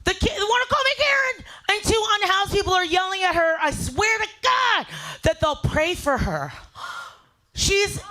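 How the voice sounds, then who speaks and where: Brash high-voiced woman comic. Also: sing-song, moderate pace, bright, forceful tone. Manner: brash, profane, storytelling with big voiced asides. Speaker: stand-up comedian. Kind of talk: stand-up comedy set. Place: live fundraiser show.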